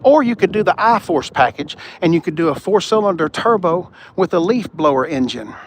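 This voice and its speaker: A car channel host with a highish, expressive voice talks fairly quickly while hosting a live car-lot stream outdoors. He speaks bluntly and jokes with viewers, using no external mic, with wind hitting the mic.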